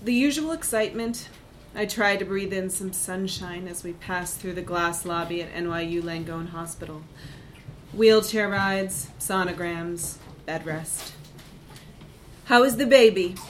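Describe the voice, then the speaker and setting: A woman reads a first-person literary story in a measured, reflective manner. Her voice sits on the low side for a woman, with a faint hum of ambience behind it. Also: fairly even intonation, a bit bright, rough recording. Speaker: narrator. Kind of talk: scripted literary narration.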